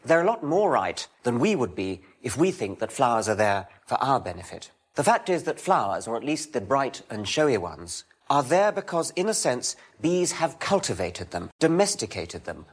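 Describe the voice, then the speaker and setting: An older man giving a public science lecture in a dry, wry, measured way. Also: medium pitch, slightly rough.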